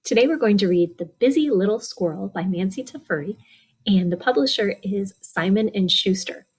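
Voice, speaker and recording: A woman's voice: mid-range voice, animated, normal speed, slightly rough. A woman librarian reads a picture book aloud at children's storytime, asking young listeners questions and answering for them.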